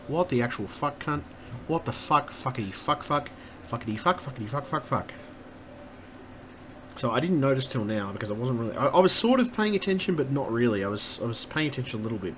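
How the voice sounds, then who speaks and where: With a medium-pitched, slightly bright voice, a gaming streamer delivers a casual rant during his live stream, cursing without pause and muttering in exasperation. The recording carries noisy room ambience.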